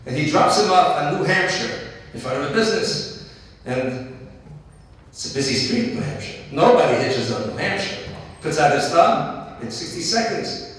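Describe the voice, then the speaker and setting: A man's voice: fairly high pitch, animated, normal speed, pauses often, a bit bright. A middle-aged man giving a speech at a dinner. He tells personal stories earnestly and repeats key phrases for emphasis. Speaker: dinner speaker. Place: large banquet hall. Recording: echoey hall, voice from far off.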